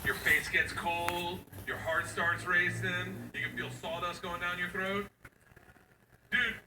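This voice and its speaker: A man in his forties telling a stand-up comedy story, loud and animated, acting out other people's voices and owl hoots. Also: high voice, slow pace. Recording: echoey room recorded from far off, audience noise.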